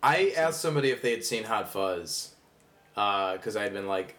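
A man's voice: fairly low pitch, lively intonation, normal speed, background noise. A man from the Midwest who is a comedian guest, chatting casually and joking, laughing often. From American Midwest. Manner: joking, jumps into silly voices, laughs often. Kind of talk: casual chat.

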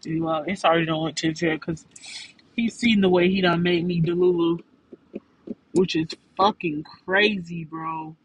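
A woman's voice: lowish voice, fairly even intonation, normal speed, husky, rough recording. A young woman telling a frank story to her listeners in a rambling, casual way.

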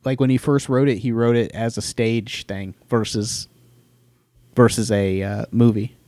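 A man's voice: medium pitch, steady tone, a little slow, warm tone, no echo, clean studio sound. A man chatting casually about films with a friend, swearing freely and often trailing off to restart his sentences. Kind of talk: casual chat.

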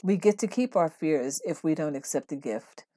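A woman hosting a devotional podcast, teaching in an earnest, steady way and reading scripture aloud. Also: deep voice, moderate pace. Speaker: podcast host.

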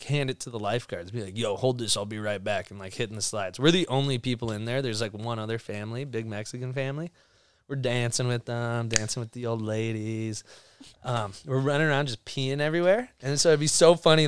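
A man's voice: mid-range voice, clear, resonant tone, dry recording. A young man, a podcast guest, telling rambling stories in casual chat, swearing a lot and laughing as he goes. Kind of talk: casual storytelling.

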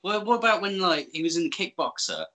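Male co-host, animated and bright, eager chatter. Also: sits high. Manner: enthusiastic, quick interjections. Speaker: podcast co-host. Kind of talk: casual banter.

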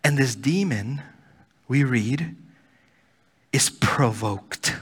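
A man preaching a sermon as pastor, swinging between loud pleading and hushed near-whispers. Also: medium pitch, drawn-out words, husky. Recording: church hall reverb.

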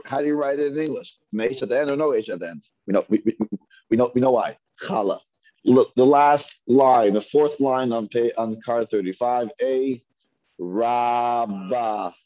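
A man teaching a Hebrew reading class, patiently repeating words slowly and asking his students questions. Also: medium pitch, darkish tone, no room sound. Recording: dull lo-fi dry recording.

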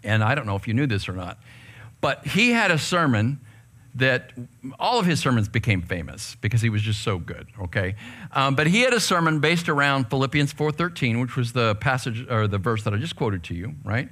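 A man preaching a sermon to a youth group, leading call-and-response and swinging from hushed asides to fired-up outbursts. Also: mid-range voice, expressive, a little fast. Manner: leads call-and-response with the audience.

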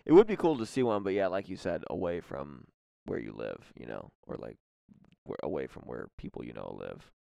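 Young male podcast co-host from Nebraska; profane, rambling talker, gravelly low voice, animated. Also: fairly quick, dry recording. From Nebraska, USA. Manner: rambling, profane, lively storytelling. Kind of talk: casual group chat.

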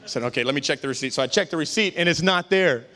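A man's voice: a little high, rapid-fire, bright, forceful tone. A middle-aged man preaching a sermon as pastor, fervent and calling out to the congregation, then telling stories in a chatty, joking way.

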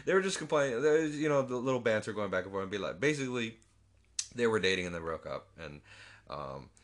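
A man's voice: fairly low pitch, lively intonation, quick pace. A man casually recapping a film, rambling and swearing as he acts out scenes. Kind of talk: casual movie recap chat.

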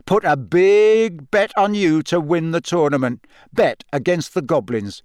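A man voicing a cheeky teenage boy prankster who talks in a brisk, matter-of-fact way. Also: on the high side, darkish tone, clean tone, no echo, clean studio sound, voice pushed up, lightly acted.

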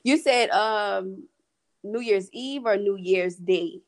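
A woman's voice: mid-range voice, slow pace. A woman hosting a casual chat, friendly and affirming, laughing easily.

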